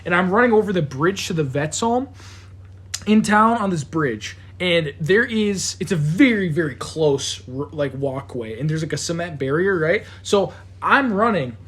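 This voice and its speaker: A high-pitched, husky young man spins a story for his podcast friends. He swears freely, trips over his own restarts and bursts into imitated noises and voices. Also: normal speed. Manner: animated, swears a lot, mimics sounds, many restarts. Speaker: podcast co-host. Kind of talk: casual storytelling among friends.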